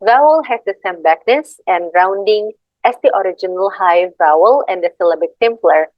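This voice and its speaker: A woman's voice: mid-range voice, expressive, normal speed, no echo. Young woman, indonesian accent, student presentation, unsure and apologetic, muffled dry recording. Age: young adult. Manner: hesitant, apologetic, reads slides aloud and repeats example words.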